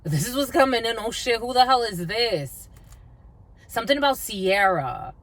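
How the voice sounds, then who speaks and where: A woman's voice: fairly high pitch, animated, moderate pace, a bit bright. A woman giving a channeled tarot reading, blunt and swearing freely, and sometimes half-singing her lines. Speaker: psychic reader.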